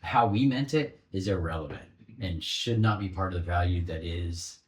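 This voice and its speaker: Musician guest, man, low voice, thoughtful and meandering, roomy echo. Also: normal speed. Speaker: band member guest. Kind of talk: casual chat.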